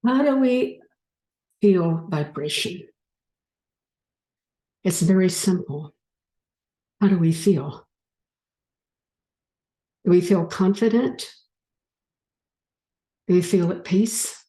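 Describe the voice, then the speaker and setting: Woman, spiritual speaker, slow and mellow, coaxing, roomy echo. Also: lowish voice. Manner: unhurried, gently coaxing, talks to the audience. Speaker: speaker leading a group exercise. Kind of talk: spiritual talk with guided exercise.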